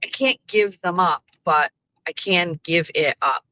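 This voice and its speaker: A woman's voice: lowish voice, unhurried, pushed and bright, no echo, rough recording. A woman streamer giving casual commentary in a chatty, rambling way, with many fillers. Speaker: streamer recounting an argument.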